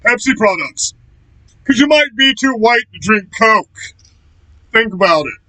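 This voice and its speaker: A man's voice: high-pitched, expressive, a little slow, no room sound, poor audio. A man ranting angrily on a political vlog, swearing heavily and talking in an aggressive, confrontational way. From Florida. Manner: profane, ranting, loud and aggressive. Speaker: political vlogger. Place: small shack.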